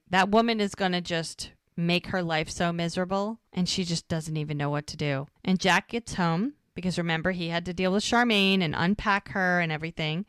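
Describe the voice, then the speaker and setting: Lady podcaster chatting thru an episode recap, kinda animated, dry sound no room. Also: lowish voice, smooth, dry recording. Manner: animated retelling, acting out characters' lines. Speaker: podcast co-host.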